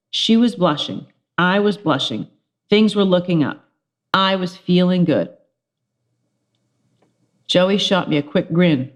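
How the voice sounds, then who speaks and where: A middle-aged woman, a teacher, reading a children's chapter book aloud, telling it with lively expression. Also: lowish voice, slow, long pauses, muffled recording. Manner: expressive storytelling with character voices.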